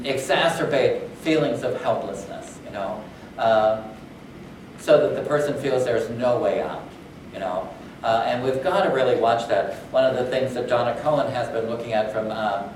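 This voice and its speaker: A man talks to a conference crowd in a relaxed, conversational way, dropping fillers and voicing the people he quotes. His voice sits at a middle pitch and comes from some way off the mic. The hall rings with heavy echo, and a faint hum runs underneath. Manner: conversational, many fillers, acts out quoted dialogue. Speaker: conference speaker. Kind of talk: conference talk. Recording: echoey hall, far from the mic.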